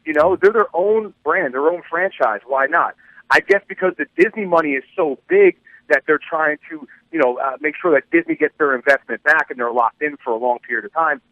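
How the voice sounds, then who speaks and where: A man co-hosts a radio talk show with easygoing, wry commentary. His voice sits fairly high and sounds dry and close to the mic. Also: brisk, dry recording, phone-quality sound.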